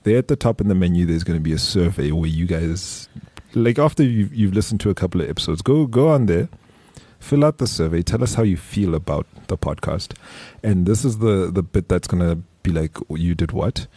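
A man's voice: sits low, expressive, dark tone, slightly rough, no echo. A man co-hosting a business podcast in a studio, chatting loosely through ad reads and plans with many restarts. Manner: loose, rambling, with restarts and quick laughs. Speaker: podcast co-host, business strategist. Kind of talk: casual podcast chat and ad reads.

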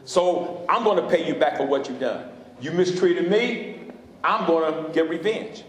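High-voiced preaching man in an echoey hall. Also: a little slow. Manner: call-and-response preaching, asks the congregation questions. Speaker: pastor. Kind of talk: sermon. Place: church sanctuary.

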